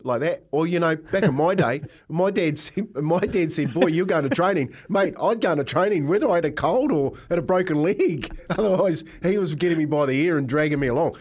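A man's voice: a little high, expressive, brisk, hardly any pauses, darkish tone. Middle-aged New Zealand man, co-host; rambling storyteller, talks casually. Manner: rambling, says "mate" a lot.

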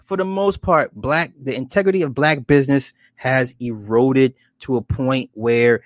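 A man hosting a casual commentary, animated and profane, often laughing at his own stories. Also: medium pitch, unhurried, no echo.

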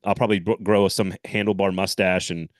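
A man co-hosting a casual sports podcast, animated and rambling, often laughing and restarting. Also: deep voice, fairly quick, dry recording, clean studio sound. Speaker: podcast co-host.

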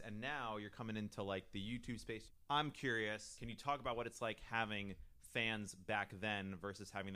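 A man's voice: on the low side, fairly bright tone. A man hosting a podcast, asking easygoing, curious questions. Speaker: podcast host. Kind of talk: interview questions.

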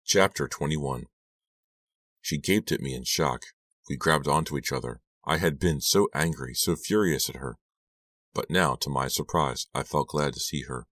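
Very deep-voiced man reading an audiobook. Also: normal speed, a bit bright, dry recording, clean studio sound. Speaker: audiobook reader. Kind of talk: audiobook narration.

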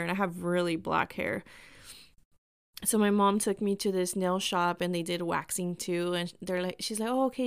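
A woman's voice: mid-range voice, a bit bright, clean tone, dry recording, studio quality. A woman in her thirties casually telling personal stories, chatty and full of fillers, acting out the people she quotes. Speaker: storyteller.

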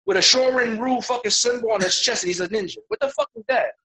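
A man as a podcast guest in casual chat, talking excitably with lots of swearing and stammered restarts. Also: very high-pitched, fast, rough recording.

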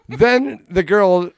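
A man's voice: high-pitched, dry recording, clean studio sound. A man co-hosting a podcast, telling a long story in casual, rambling talk full of swearing, fillers and restarts. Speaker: podcast co-host.

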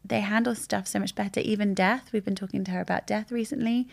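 A woman in her thirties talks openly as a podcast guest. Her voice has a gravelly edge, and she tells her stories with animation, acting out the lines she quotes. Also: mid-range voice, steady tone, fast talker. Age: 30s. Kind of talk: candid conversational chat.

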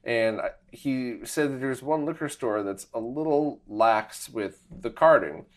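A middle-aged man telling a story in casual conversation, animated and laughing often. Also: mid-range voice, unhurried.

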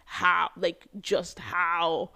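A woman hosting a podcast, recapping a TV episode in an animated, casual way with many fillers and quick bursts. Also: on the low side, creaky, crowd noise. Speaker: podcast host.

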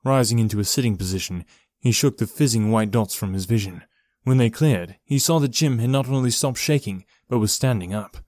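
A man giving a steady, measured reading of a horror story as narrator. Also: on the low side, dry recording, clean studio sound. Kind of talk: scripted horror audiobook narration.

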